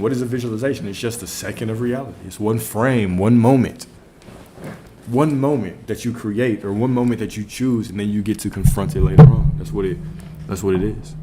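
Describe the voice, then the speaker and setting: A man's voice: fairly low pitch, dark tone, a little hiss or hum. A man giving a casual spiritual teaching on a livestream, reflective, repeating phrases and asking his listeners questions. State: a little out of breath. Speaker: spiritual coach streaming to viewers.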